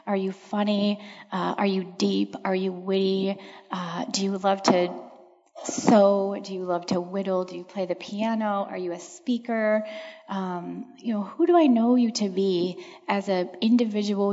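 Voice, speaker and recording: A woman's voice: mid-range voice, warm tone. A woman counselor answering audience questions at a church event, earnest and reflective, with emphatic repetition. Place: large hall with an audience. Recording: echoey hall, dull lo-fi sound.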